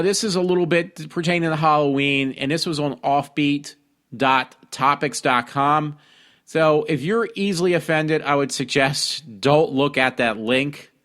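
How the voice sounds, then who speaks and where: A man from hosts a casual talk show at an ordinary mid pitch. He reads news stories aloud, stumbling through ums and restarts as he comments on them. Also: fairly bright tone. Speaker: podcast host.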